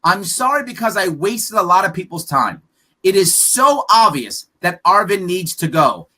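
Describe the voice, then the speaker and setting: A man's voice: sits high, big pitch swings, normal speed, pushed and bright. A man being interviewed on a podcast as a political candidate, talking emphatically and bluntly, firing off rhetorical questions. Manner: profane, frank.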